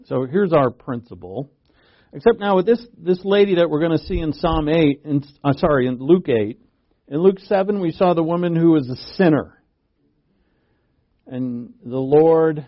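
A man preaching a sermon, earnest and halting, restarting phrases and pushing his voice up for emphasis. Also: fairly high pitch, dull audio. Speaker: pastor.

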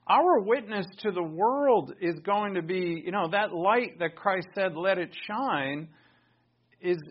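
A pastor preaching a sermon, emphatic and full of rhetorical questions. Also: male voice, sits high, lo-fi sound.

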